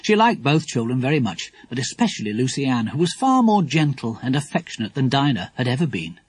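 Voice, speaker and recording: A man narrating a children's audiobook in an animated, expressive way. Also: mid-range voice, brisk, husky, no echo.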